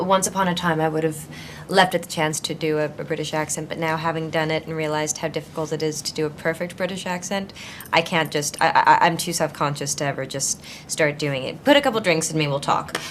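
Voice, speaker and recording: A woman's voice: deep voice, fairly even intonation, brisk, slight background noise. A young actress in her twenties answering interview questions thoughtfully, searching for words with frequent fillers and restarts. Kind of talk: conversational interview.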